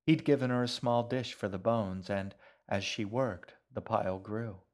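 Low-voiced man reading a novel aloud. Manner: measured, even storytelling. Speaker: narrator. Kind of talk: audiobook narration.

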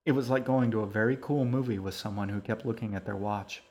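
Male storyteller, lowish voice, steady, calm narration. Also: fast. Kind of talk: audiobook narration.

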